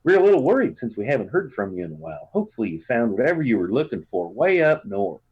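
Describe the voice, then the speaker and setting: Speaking fast with a mid-range, slightly rough voice and big pitch swings, a man plays a fierce, doting farm mother with an American Southern drawl. Warm and folksy, she rambles through a letter home, heard in dull lo-fi sound.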